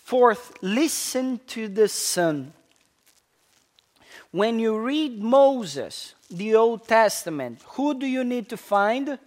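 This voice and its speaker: A pastor preaching a sermon, a man with a high voice. He speaks slowly and with emphasis, puts questions to the congregation and answers them, and drops to a soft hush on key words. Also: lively intonation. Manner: call-and-response questions to the congregation, slow and emphatic.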